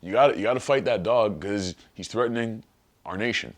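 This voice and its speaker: A man's voice: on the low side, a little fast, voice pushed up, natural voice. A man doing a joking impression of a former president, urging the listener on with profane, persuasive insistence. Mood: urgent. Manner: urgent, persuasive, profane pep talk. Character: mock Barack Obama, a smooth, persuasive male ex-president.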